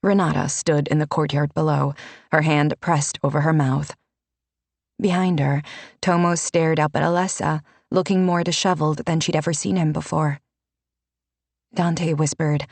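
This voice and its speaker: A woman reading a fantasy audiobook in measured scripted narration. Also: sits low, level tone, a little mellow, no echo. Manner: measured, unhurried.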